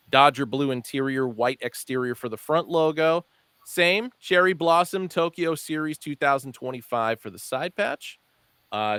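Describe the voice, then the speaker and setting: Guy on a podcast running down hat specs, bright forward voice, dry close sound. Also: medium pitch, smooth, no echo. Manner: rattles off product details with fillers. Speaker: podcast co-host presenting hat releases. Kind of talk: casual podcast chat.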